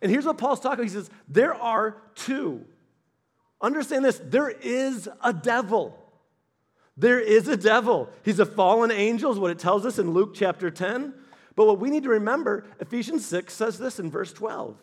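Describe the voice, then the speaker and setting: Animated high-voiced male preacher. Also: moderate pace. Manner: animated, storytelling with acted voices, sudden loud emphasis. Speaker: pastor. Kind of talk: sermon.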